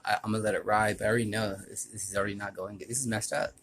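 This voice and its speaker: A man's voice: lowish voice, steady tone, very fast, a bit bright, slight background noise. A man telling a personal story to his channel in a rambling, earnest and aggrieved way, often restarting his sentences. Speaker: YouTuber.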